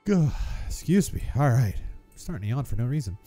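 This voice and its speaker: A man's voice: mid-range voice, very animated, a little fast, dark tone, faint music behind. A man casually commenting on his own gameplay, playful and chuckling as he goes. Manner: playful, chuckling, self-narrating. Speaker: gamer, video host.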